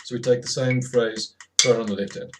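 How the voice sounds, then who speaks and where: A man's voice: medium pitch, fairly even intonation, brisk, background noise. Man counting drum rhythms aloud. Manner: counts rhythms aloud, self-correcting, loose with fillers. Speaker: drum tutor. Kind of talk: instructional demonstration.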